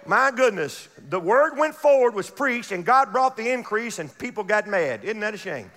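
A pastor preaching a fervent sermon, building to shouted peaks and dropping into laughing asides. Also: male voice, high voice, sing-song, moderate pace, in a large hall. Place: church sanctuary.

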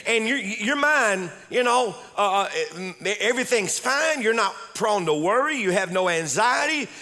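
A man's voice: sits high, expressive, measured pace, bright, forceful tone. A male pastor preaching a sermon with emphatic delivery, repeating key words and calling on the congregation to respond.

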